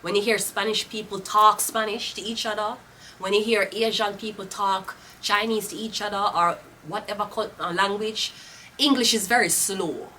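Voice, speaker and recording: A Jamaican-accented woman reads tarot cards in a casual, blunt, profane way, breaking into patois now and then. Her medium-pitched voice is bright and forceful, with a steady tone and a moderate pace. A slight hiss or hum is present, and she's a bit off-mic.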